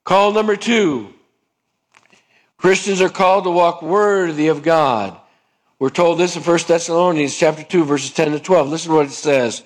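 A man's voice: on the high side, normal speed. A male preacher giving a sermon, asking his listeners rhetorical questions and acting out little dialogues.

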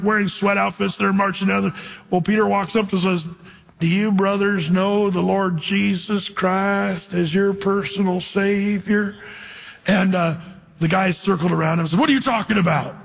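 A man with a fairly high, husky voice delivers a sermon in a relaxed, chatty manner, telling stories and slowing down to read scripture. His voice carries a long reverb, as if from a church sanctuary. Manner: conversational, storytelling, slows for scripture reading. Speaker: pastor.

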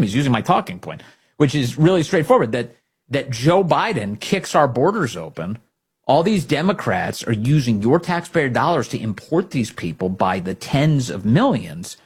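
A man's voice: on the high side, breathy edge. A man hosting a political talk radio show, delivering a sarcastic, emphatic monologue.

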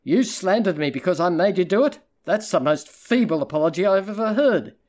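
Guy reading as a tough sarcastic lady detective, bit higher voice, audiobook. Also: lively intonation, brisk, a little mellow. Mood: cutting. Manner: cutting, sarcastic. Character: sharp-tongued female private investigator.

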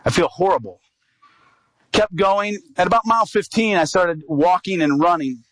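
A man's voice: high-pitched, normal speed, dry recording, low-quality recording. A middle-aged man, an evangelist, telling a personal story in a sermon and acting out the dialogue. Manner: animated storyteller, acts out quoted dialogue.

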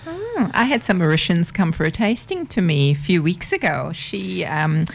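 Lively woman guest on a radio chat. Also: on the low side, normal speed, vocal fry. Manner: lively, laughs often. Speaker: radio guest, winery host. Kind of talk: casual studio chat. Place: community radio studio.

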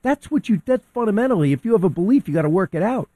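A man's voice: sits high, very fast, dry recording. A man on talk radio giving heated opinionated commentary, acting out quotes as he argues. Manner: animated, quotes people in acted voices.

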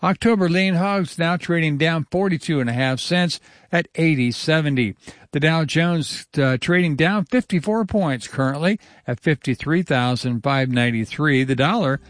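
A man reading a radio farm market report, rattling off grain and livestock prices in a brisk, even delivery. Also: a little high, no echo, studio quality. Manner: brisk, number-heavy delivery.

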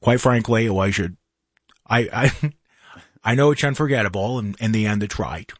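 A man's voice: lowish voice, normal speed, no echo, studio quality. A male talk radio host ranting in casual chat, with many restarts.

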